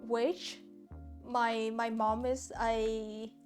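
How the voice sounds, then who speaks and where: A woman's voice: on the high side, level tone, very slow. A woman from Hanoi whose first language is Vietnamese, chatting casually with her viewers while painting on stream, often restarting and searching for words. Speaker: art streamer. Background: soft lo-fi music.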